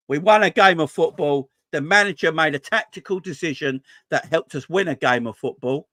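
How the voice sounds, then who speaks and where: A man's voice: fairly high pitch, brisk, few pauses, sharp tone, dry recording. A man ranting casually about football as host of a fan channel, swearing and stumbling over his words when frustrated. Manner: exasperated, swears, repeats himself when frustrated.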